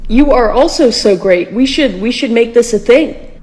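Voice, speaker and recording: A woman's voice: fairly high pitch, animated, moderate pace, darkish tone, close to an everyday voice, poor audio. A woman playing a clingy young woman who earnestly wants a relationship.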